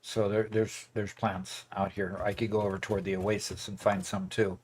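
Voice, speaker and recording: A man streams gameplay and chats casually as he plays, rambling and frequently restarting with lots of fillers. His voice is lowish and level, his pace moderate, and there's slight background noise.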